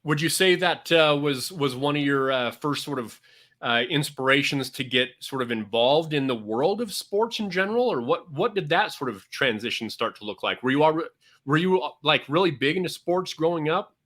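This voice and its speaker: A man hosting an interview, asking halting questions full of fillers. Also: a little high, expressive, fairly bright tone. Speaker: interview host.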